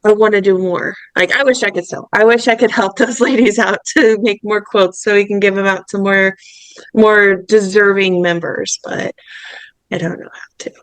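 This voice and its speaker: A woman's voice: mid-range voice, moderate pace, no room sound, poor audio. A woman on a casual roundtable podcast, telling stories with feeling and acting out the dialogue, close to tears. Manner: animated storytelling, acts out quoted dialogue. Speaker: roundtable guest, event vice president.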